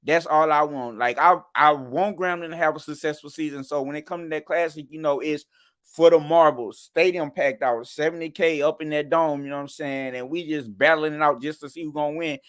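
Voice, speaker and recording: A man's voice: a little high, fairly even intonation, fairly quick, a bit bright. A man talking casually about college football on a podcast, rambling with many restarts. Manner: rambling, restarts, keeps asking "you know what I'm saying". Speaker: podcast co-host. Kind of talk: casual sports podcast chat.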